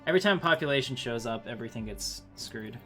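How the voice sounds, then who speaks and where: A man's voice: medium pitch, expressive, quick pace, pushed and bright, faint music behind. A man casually commenting on his strategy game livestream, thinking aloud, reading game text and chatting with viewers. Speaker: streamer playing a strategy game.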